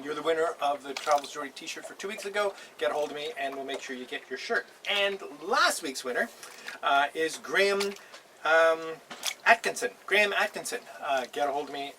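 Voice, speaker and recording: A man's voice: fairly high pitch, moderate pace, far from the mic, background noise. An older man hosting a casual beer-tasting vlog on a boat in a harbour, easygoing and chatty, chuckling now and then. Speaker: host.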